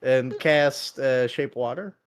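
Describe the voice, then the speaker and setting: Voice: mid-range voice, slow, clean tone, no room sound. A player in a tabletop game, joking and teasing the others in casual banter. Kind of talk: casual tabletop role-play chat.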